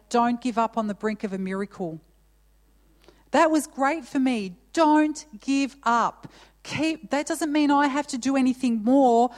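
A woman preaching a sermon to her church, earnest and emphatic, repeating key phrases and reading scripture aloud. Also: on the high side. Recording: long church reverb.

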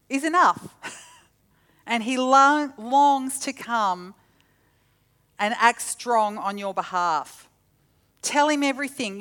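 A middle-aged woman preaching a sermon, telling stories with animated, acted-out quotes. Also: on the high side, smooth. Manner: animated storytelling, acts out quotes.

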